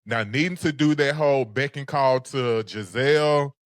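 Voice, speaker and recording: Sassy animated man dishing on reality TV. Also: mid-range voice, normal speed, no echo, studio quality. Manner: sassy, animated, sings phrases. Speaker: podcast co-host. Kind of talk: casual recap chat.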